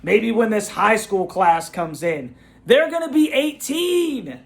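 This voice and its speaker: Host, fired-up high-voiced fan rant, lots of "bro" and "man". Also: very animated, slow, vocal fry. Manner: fired-up venting, repeats himself, "bro" and "man". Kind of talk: ranting fan reaction vlog.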